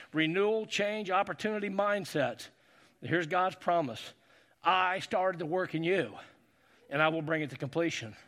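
A middle-aged man preaching a sermon as pastor, building to shouted, repetitive exhortations. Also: on the high side.

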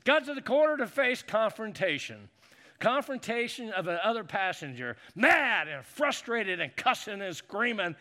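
An older man, a pastor, preaching a sermon in a folksy storytelling way that rises into excited preaching. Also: extremely high pitch, fairly quick.

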